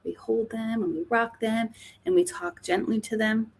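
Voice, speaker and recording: A woman's voice: on the high side, big pitch swings, moderate pace, vocal fry. A woman, an author and teacher, explaining mindfulness in a podcast interview, often checking in with "right?". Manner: explanatory, frequent "right?" tags.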